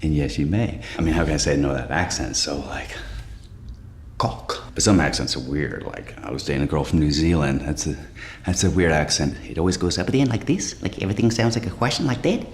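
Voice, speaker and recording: A middle-aged stand-up comic past his prime, deep in tone and full of self-doubt. He stammers and restarts, putting himself down as he talks. The voice sits very low. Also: slight background noise. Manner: halting, stammering, self-deprecating. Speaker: stand-up comic pitching a show.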